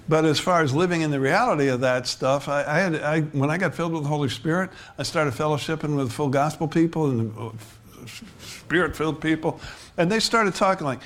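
A man preaching a sermon, his voice sitting a little high for a man. He talks conversationally, stumbling over restarts and breaking into chuckles as he drifts between points. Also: a little fast, few pauses, fairly bright tone. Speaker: pastor.

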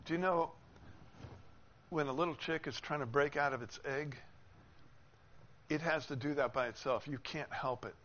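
In a fairly high voice, a man preaches at a moderate pace, pausing often as he unpacks a passage. He expressively acts out the quoted figures, his emphasis climbing as he goes. The sound is slightly muffled, with faint background noise.

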